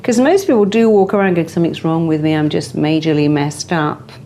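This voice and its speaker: Middle-aged woman therapist, interview guest; emphatic, slightly low voice, slips into quoted voices. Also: fairly quick, slight background noise. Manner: animated, acts out quoted voices and inner thoughts; emphatic, stresses strong words. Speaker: psychotherapist. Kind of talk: interview conversation.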